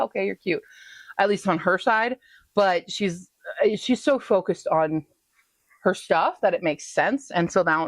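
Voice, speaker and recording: Lively-voiced woman chatting in a book vlog. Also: on the low side, no echo. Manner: chatty, laughs often, talks to her pets. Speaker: book vlogger. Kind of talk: casual vlog chat. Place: home.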